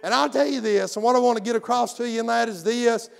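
High, gravelly preacher man. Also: quick pace. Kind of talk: folksy sermon.

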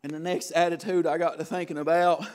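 A man preaching a sermon to his church, emphatic and often shouting, with folksy repeated asides. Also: a little high, flat delivery, quick pace.

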